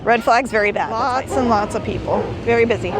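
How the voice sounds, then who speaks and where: A woman narrates a casual travel vlog in a slightly high voice, wandering from one story to the next. She is recorded outdoors on a camera mic, with clear traffic and street sounds behind her. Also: brisk. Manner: chatty, rambling, enthusiastic. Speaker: vlogger host. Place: outdoors at a busy beach town.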